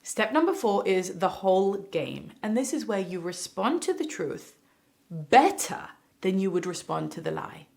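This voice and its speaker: Gravelly-voiced woman teaching parenting. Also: mid-range voice, unhurried. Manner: calm, explanatory, acts out short parent and child quotes. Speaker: parenting educator. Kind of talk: instructional talk to camera.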